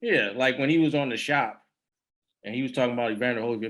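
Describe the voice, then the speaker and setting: A man's voice: mid-range voice, fast talker, a bit bright. A man co-hosting a podcast in casual chat, with dry, scoffing banter and speech. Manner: dry, scoffing banter that calls out tall tales. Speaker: podcast co-host.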